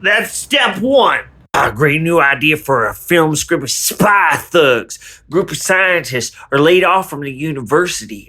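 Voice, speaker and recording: A man performing absurdist sketch comedy and switching quickly between characters. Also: sits high. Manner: bright, lively, quick shifts between characters.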